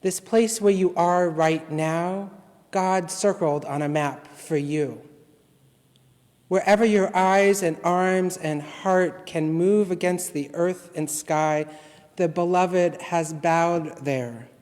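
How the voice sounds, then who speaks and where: A man serving as guest minister, reading a litany and a poem aloud in worship with a slow, measured, solemn delivery. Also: high-pitched, steady tone, darkish tone. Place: church sanctuary. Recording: long reverb from a large hall.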